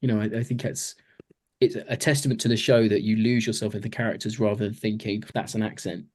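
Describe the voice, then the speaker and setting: Chatty man, lowish voice. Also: little pitch movement, fast talker, darkish tone. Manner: chatty, filler-heavy, enthusiastic. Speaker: podcast co-host. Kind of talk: casual review chat.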